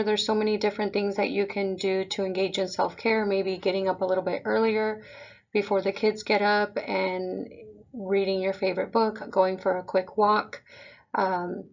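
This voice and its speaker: A woman presenting a parent webinar for a school district, explaining things in a calm, measured way. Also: medium pitch, vocal fry, lo-fi sound.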